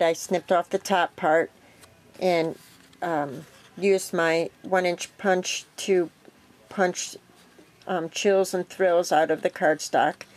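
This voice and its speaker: A woman with a slightly low voice talks through her homemade craft project in a loose, unhurried way. She fills pauses with ums and corrects herself as she goes, like a casual show-and-tell at her craft table. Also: a little hiss or hum. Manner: relaxed, rambling with many ums and self-corrections. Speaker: craft vlogger.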